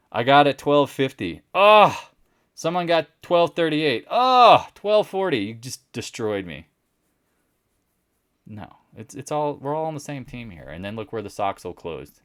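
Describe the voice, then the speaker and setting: A man with a mid-range voice hosts a casual daily stock market recap, recorded at studio quality with no room sound. He jokes sarcastically and mocks imagined viewers by putting on voices.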